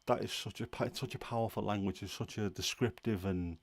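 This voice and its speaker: Hosting a relaxed livestream, a fairly low-voiced man with a lilt chats along easily. His talk meanders slightly, his opinions come through plainly, and "um" shows up often in his pauses. The recording is dry and close, with no room echo.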